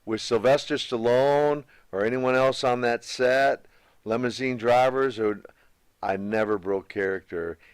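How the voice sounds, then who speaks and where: A man's voice: medium pitch, unhurried, clean tone, dry recording. Man telling a story in a dry interview. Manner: relaxed anecdotal storyteller, many restarts. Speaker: guest, former pro wrestler.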